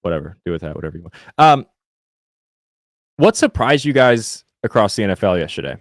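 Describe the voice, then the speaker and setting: A young man from Indiana co-hosting a podcast, chatting casually about football and fast food and reading the live chat, rambling with many fillers and restarts. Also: on the low side, big pitch swings, dry recording, studio quality. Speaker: podcast co-host.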